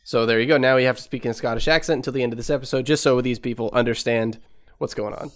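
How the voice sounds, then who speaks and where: A man's voice: medium pitch, steady tone, fast. A young man co-hosting a podcast, chatting casually and joking as he explains things at length. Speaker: podcast co-host. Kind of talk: casual chat.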